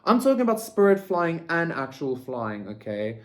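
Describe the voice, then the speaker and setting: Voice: mid-range voice, sing-song, moderate pace. A tarot reader giving a casual pick-a-card reading, rambling with lots of "like" and tagging lines with "okay?", swearing freely.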